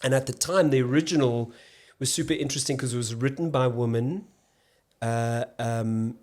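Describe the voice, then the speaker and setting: A South African man, an actor and comedian, talking as a podcast guest in a thoughtful, halting way, often restarting his sentences. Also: mid-range voice, darkish tone. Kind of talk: casual podcast conversation.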